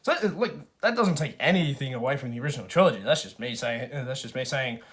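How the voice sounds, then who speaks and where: A man's voice: mid-range voice, expressive, quick pace, a bit bright. A man giving a casual spoken film review, rambling with many restarts and fillers, and swearing freely. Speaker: movie reviewer.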